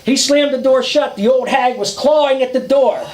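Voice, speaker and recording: A man casually telling a ghost story outdoors at a campfire, dramatic and drawn-out, with swearing. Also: very high-pitched, darkish tone, echoey room, poor audio.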